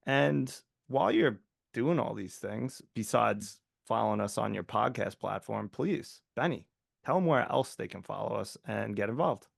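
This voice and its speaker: A man co-hosting a casual movie podcast, rambling with many fillers and sometimes getting excited. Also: fairly low pitch, normal speed, gravelly, husky, no echo, studio quality. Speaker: podcast co-host.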